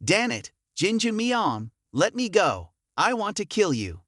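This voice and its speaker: A man voicing a violent, drunken old man who shouts and curses. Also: high voice, huge pitch swings, measured pace, dry recording, studio quality, pitched above the performer's own voice, full character voice. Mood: drunken rage. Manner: shouting, cursing.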